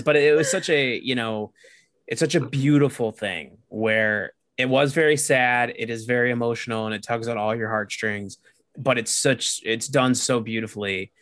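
Bright-voiced young man chatting. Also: medium pitch, dry recording. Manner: animated storyteller, lots of "like". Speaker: podcast guest. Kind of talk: casual chat.

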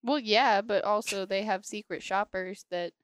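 A woman's voice: mid-range voice, fairly even intonation, no echo. A woman co-hosting a casual podcast chat, blunt and full of questions. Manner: blunt, questioning, quick comebacks. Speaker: podcast co-host.

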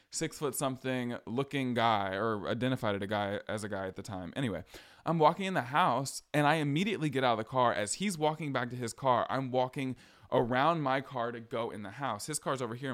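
A young adult man hosting his own podcast, spinning a long personal story in a chatty, sassy voice. His pitch sits in a plain middle range, and he leans on slangy asides as he talks. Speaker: podcast host. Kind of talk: casual storytelling monologue.

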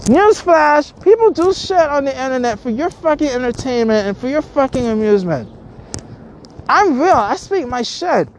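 Angry and profane, this female vlogger rants at her audience, circling back over the same points, stammering into restarts and cursing nonstop. She speaks at a normal speed in a high, animated, slightly mellow voice. Slight background noise sits under it.

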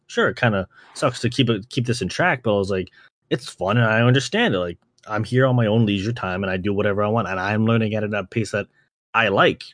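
A young man from Canada hosting a podcast, telling stories in a casual chat, swearing often and acting out quotes in a higher voice. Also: dry recording, studio quality. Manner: laid-back, swears a lot, acts out quotes with a jump in pitch. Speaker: podcast host.

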